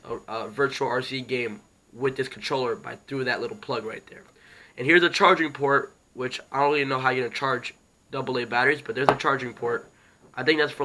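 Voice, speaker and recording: A man's voice: medium pitch, sharp tone. Sick young man reviewing a toy truck. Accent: New York. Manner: rambling, with fillers and restarts. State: sick, losing his voice. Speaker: RC hobby reviewer. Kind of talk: casual product review.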